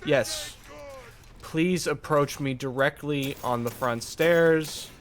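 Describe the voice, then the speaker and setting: Slow, wry man commenting on gameplay. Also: on the high side. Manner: sarcastic, wry running commentary. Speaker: gaming channel host.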